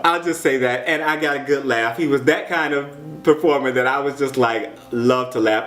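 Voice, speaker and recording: An American man giving casual commentary on a show, chatty and animated, jumping up in pitch when he quotes people. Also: echoey room.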